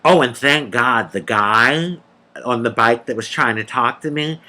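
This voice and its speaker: A woman telling a personal story in a casual, animated, sassy way, calling the listener honey and laughing between lines. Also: a bass voice, a little slow. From United States. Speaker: vlogger.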